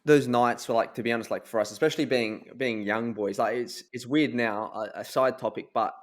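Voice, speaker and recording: A man's voice: mid-range voice, steady tone, a little fast. A man, a podcast co-host chatting casually and laughing often. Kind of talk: casual chat.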